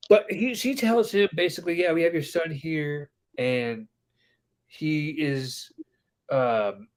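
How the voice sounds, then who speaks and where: With a slightly high voice, a man co-hosting a podcast tells a story in casual chat. He delivers it with lively animation, performing the voices of the people he quotes.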